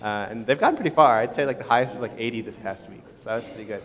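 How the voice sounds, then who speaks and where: A man, a choir teacher, leading vocal warm-ups at a school concert in an upbeat, encouraging, instructive way. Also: medium pitch, racing. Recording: long hall reverb with audience.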